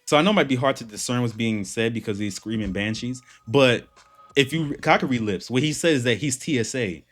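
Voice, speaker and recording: A man's voice: medium pitch, fairly quick, background noise. A man hosting a reaction channel, giving blunt, heated commentary and repeating his points for emphasis.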